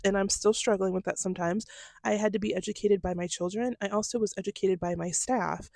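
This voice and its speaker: A woman's voice: mid-range voice, no echo, clean studio sound. A middle-aged woman co-hosting a podcast, laughing easily and telling stories from her job. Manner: laughs easily, agreeable, tells work anecdotes. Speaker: podcast co-host. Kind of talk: casual chat.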